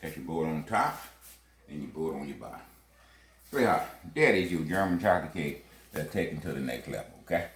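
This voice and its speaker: A man's voice: rumbling low, very animated, a little fast. A man hosting a home baking channel, chatting casually and exclaiming over his cake while calling viewers baby and sweetheart. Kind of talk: casual cooking vlog chat. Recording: echoey room, faint music behind.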